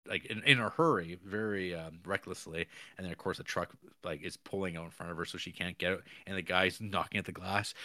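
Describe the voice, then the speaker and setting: A man's voice: deep voice, brisk, hardly any pauses, bright, forceful tone, no echo. A man co-hosting a podcast, recapping a film in a rambling casual way with frequent chuckles. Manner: rambling, chuckles often, many fillers. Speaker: podcast co-host.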